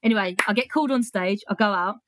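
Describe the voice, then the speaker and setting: A woman's voice: mid-range voice, quick pace, a bit bright, no room sound. A young British woman, a comedian and poet, telling a story casually with swearing and laughter, then reading a poem aloud. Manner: chatty, swears freely, laughs between lines.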